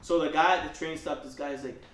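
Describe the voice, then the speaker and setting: A man's voice: on the high side, steady tone, fast talker, fairly bright tone, roomy sound. A man co-hosting a casual podcast, telling stories loosely, acting out quotes and swearing freely. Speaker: podcast co-host. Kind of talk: casual chat.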